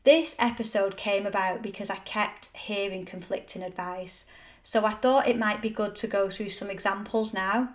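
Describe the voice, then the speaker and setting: Middle-aged woman, solo self-help podcast host, earnest and encouraging, punchy emphasis. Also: medium pitch. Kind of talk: solo motivational podcast talk.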